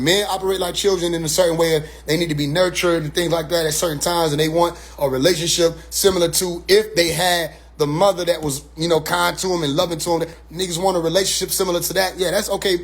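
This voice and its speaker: A man's voice: fairly high pitch, fairly even intonation, quick pace, hardly any pauses. A man talking in a casual monologue, blunt and profane, circling back with constant "you see what I'm saying" asides. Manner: blunt, profane street talk. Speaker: commentator.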